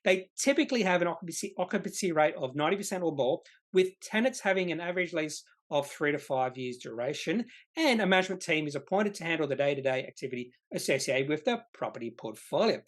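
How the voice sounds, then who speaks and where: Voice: mid-range voice, animated, quick pace. A presenter of an investing channel explains a topic from slides, stressing key words and sometimes correcting himself mid-sentence. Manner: emphatic, repeats key words, occasional self-corrections. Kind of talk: slide-based explainer lesson.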